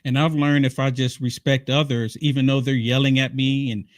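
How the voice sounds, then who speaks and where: A man talking as a guest in a casual political chat, earnest and measured. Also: medium pitch, little pitch movement, no room sound, clean studio sound.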